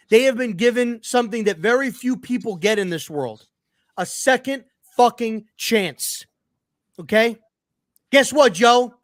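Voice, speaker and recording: A man's voice: very high voice, fairly bright tone, no room sound. A sports show host ranting at his live chat, angry and frustrated, emphatic and profane, repeating his points. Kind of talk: heated sports rant.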